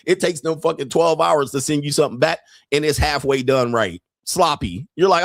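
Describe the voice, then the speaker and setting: This podcast host talks fast with few pauses, his medium-pitched voice very dry and free of echo. He rants brashly through a profane livestream monologue, laughing often and mimicking people.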